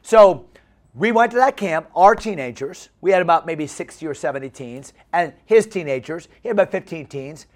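A man's voice: on the high side, normal speed. A man from the United States, a pastor preaching a funny story sermon and repeating phrases for effect. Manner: animated, comic, repeats phrases.

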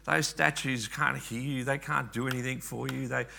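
A man's voice: medium pitch, steady tone, normal speed, vocal fry, bright, forceful tone, heavily acted. A man voicing an exasperated son arguing with his father in a story told in a sermon. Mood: pleading. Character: exasperated young son, a boy.

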